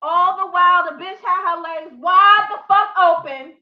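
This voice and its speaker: A young woman giving crude, profanity-filled commentary on a news story, telling it in an animated way. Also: extremely high pitch, normal speed. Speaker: vlogger. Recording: roomy, slightly dull home recording.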